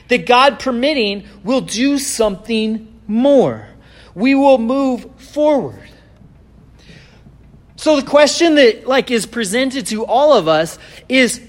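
A man preaching a sermon in a conversational way, reading scripture aloud and slowing down to stress key words. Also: sits high. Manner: conversational preaching with dynamic swings in loudness. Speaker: pastor.

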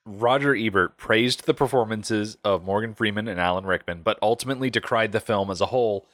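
Low-voiced man, dry movie podcast chat. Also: brisk, few pauses, a bit bright, dry recording. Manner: reads facts and quotes, then wry asides. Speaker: podcast co-host. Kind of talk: casual movie review chat.

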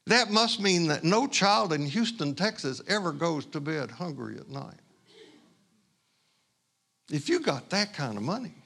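A man's voice: fairly high pitch, big pitch swings, unhurried, vocal fry, long pauses, fairly bright tone, voice pushed up, heavily acted. A man voicing Jesus as a swarthy stranger in a sermon story, mock-cheerful and pointedly ironic.

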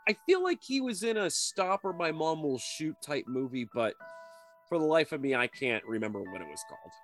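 Lively high-voiced comedic podcast host man. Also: moderate pace, soft background music. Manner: playful, animated, jokey. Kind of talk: comedic casual chat.

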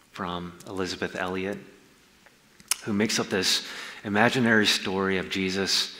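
A low-pitched man preaching a casual, story-driven sermon, his voice bright and forceful. Long reverb from a large hall trails every phrase. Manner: conversational, storytelling, slangy asides. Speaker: pastor.

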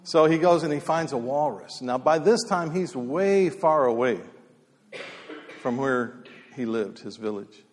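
A man telling folksy stories casually, with many fillers and restarts, in a halting, easygoing way. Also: mid-range voice, lively intonation. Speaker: storyteller speaker. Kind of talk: casual spoken storytelling. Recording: long hall reverb.

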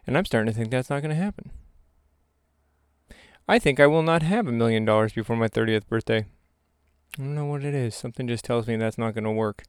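A man's voice: mid-range voice, animated, moderate pace, clean tone, no room sound, clean studio sound. A man in his twenties hosting a podcast, talking in a playful, self-mocking comedic monologue and slipping into silly voices. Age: 20s. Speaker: podcast host.

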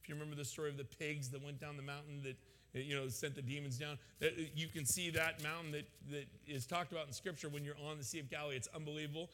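A man preaching a sermon to a congregation, animated and joking with the crowd. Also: fairly high pitch, fast, in a large hall, slight background noise. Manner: animated, jokes with congregation, acts out voices. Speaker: pastor.

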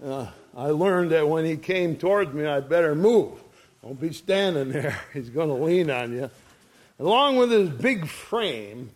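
A man's voice: on the high side, a little mellow. A man preaching a sermon in a folksy storytelling way, chuckling as he goes. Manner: folksy, chuckles through his stories.

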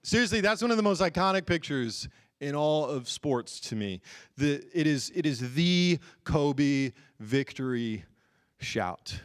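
A man preaching a sermon, telling stories animatedly, with frequent restarts and sudden bursts of shouting. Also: on the high side, animated, a little slow. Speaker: pastor.

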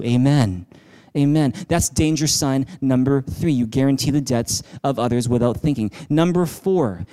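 A man pastor preaching a sermon in a conversational way, with quick asides and restarts. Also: high-pitched, a little mellow.

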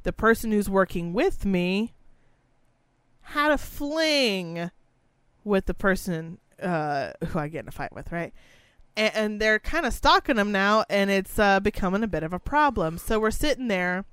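A young woman tells a story in loose, casual chat, blunt and full of swearing. Her voice is smooth and clear. It sits dry and close to the mic. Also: medium pitch, unhurried, no echo. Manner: profane, blunt, animated.

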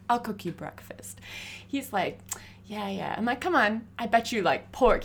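A woman in her thirties, a graffiti artist, telling stories in a casual interview with lively, laughing energy. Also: medium pitch, normal speed. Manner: animated, laughing storyteller.

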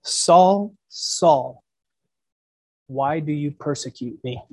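A preacher voicing a calm divine man calling from heaven, speaking slowly and gravely in a hushed tone. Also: no echo, heavily acted. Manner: slow, low, hushed and grave.

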